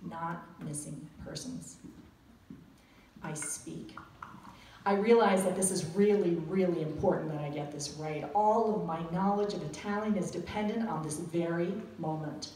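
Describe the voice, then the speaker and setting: A woman's voice: on the low side, normal speed, few pauses, warm tone. A woman telling a wry, self-deprecating true story to a live audience at a cafe storytelling night. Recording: echoey cafe recording from far off with room noise. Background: audience laughter.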